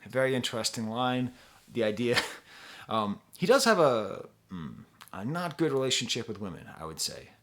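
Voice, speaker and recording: A male music reviewer talking casually to camera in a relaxed vlog style. He wanders off on tangents and chuckles now and then, with an ordinary mid-range voice. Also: medium pitch, normal speed.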